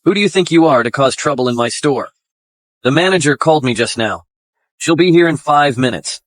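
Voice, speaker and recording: A man's voice: a little high, lively intonation, a little fast, no room sound, lightly acted. An actor playing a greedy young man who sneers at the poor and fawns on the rich, in an English drama dub. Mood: fawning.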